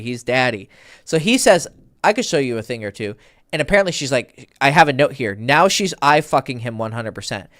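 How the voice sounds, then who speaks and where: A man's voice: a little high, a bit bright, dry recording, clean studio sound. Rambling, profane male dating coach. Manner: rambling, profane, self-correcting. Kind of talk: casual storytelling.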